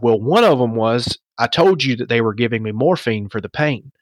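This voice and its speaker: A man recounting a personal story as a podcast guest, with lively rhetorical asides and self-questioning. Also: mid-range voice, normal speed, few pauses, no room sound.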